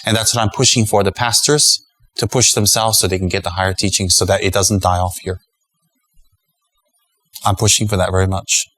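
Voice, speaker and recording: A man's voice: low voice, steady tone, fairly quick, long pauses, fairly bright tone, low-quality recording. A middle-aged man giving a Dharma talk as a Buddhist teacher, emphatic and rhetorical, chuckling at his own jokes.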